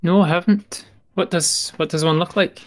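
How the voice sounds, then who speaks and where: Man playing a tabletop game, measured. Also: high voice, steady tone. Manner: measured, polite in-character speech. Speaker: player. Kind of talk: tabletop role-play.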